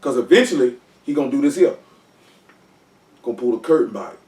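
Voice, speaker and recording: Recorded at a distance in an echoey room, a fast-talking man with a medium pitch runs a casual Bible study. He teaches scripture in an animated way, full of slang and jokes on the side.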